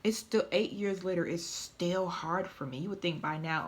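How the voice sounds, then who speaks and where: A woman telling her own story in a vlog, halting and tearful at times, often dropping to a whisper. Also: on the low side, a little hiss or hum. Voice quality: often drops to a soft whisper. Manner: halting, tearful, stumbling over words. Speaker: vlogger. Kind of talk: emotional personal vlog.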